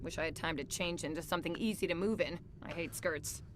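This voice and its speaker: A woman's voice: fairly low pitch, steady tone, fast talker, lightly acted. A woman playing a guarded, dry-witted officer. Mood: brisk. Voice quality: dry, businesslike. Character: guarded female internal affairs officer. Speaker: police officer. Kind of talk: video game voice acting.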